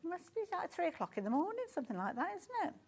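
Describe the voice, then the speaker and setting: A woman's voice: very high voice, sing-song, rapid-fire. A woman with a Birmingham accent presenting fabric on a live shopping show, chatty and gushing and easily sidetracked, speaking from a studio. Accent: Birmingham English.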